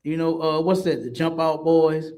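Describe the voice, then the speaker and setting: Animated high-voiced man telling stories. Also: moderate pace. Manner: animated storytelling with street slang. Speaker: podcast co-host. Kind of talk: casual chat.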